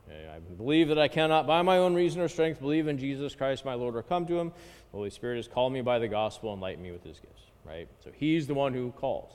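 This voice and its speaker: A man teaches a Bible class in a mid-pitched voice. His words ring out with a long reverb, as if he were in a large church hall. He checks in with his listeners after nearly every point. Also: darkish tone. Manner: checks in with listeners, constant "okay?" and "right?"; reads Greek and Hebrew phrases aloud slowly. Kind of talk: Bible study lesson.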